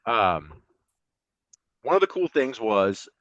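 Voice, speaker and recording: A man co-hosting a podcast, recapping a show in a casual, animated storytelling way and laughing often. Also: on the low side, slow pace, no room sound, dull audio. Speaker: podcast co-host.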